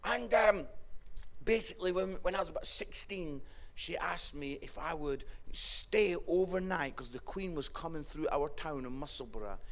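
A middle-aged Scottish man preaching a sermon, telling funny family stories, dropping to a hush, then rising to loud excited shouting. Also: on the high side, normal speed. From Scotland. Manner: humorous storytelling, swings from hushed to shouting.

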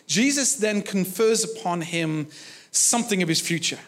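A man preaching a sermon, retelling a story in a reflective way, with frequent pauses and restarts. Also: sits high, animated, a bit bright.

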